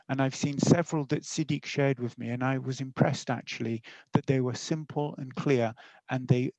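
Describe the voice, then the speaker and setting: Gravelly-voiced man giving a webinar talk. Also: mid-range voice, a little mellow, dry recording, muffled recording. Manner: friendly, explanatory, with fillers and self-corrections. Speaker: teacher educator giving a webinar. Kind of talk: webinar presentation.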